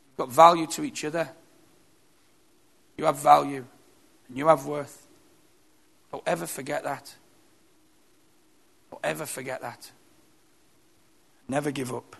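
A man's voice: medium pitch, creaky, a bit bright. A male preacher giving a sermon, emphatic and repetitive.

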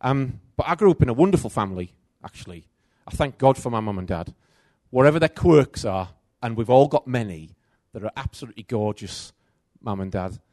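A middle-aged man preaching a sermon, telling a personal story with animated swings between loud and soft. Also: mid-range voice, a little fast, hardly any pauses, dry recording, studio quality.

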